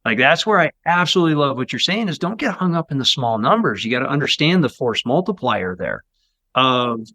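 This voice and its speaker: Male podcast co-host, bright and forceful, enthusiastic and reflective in casual talk. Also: medium pitch, very animated, a little fast.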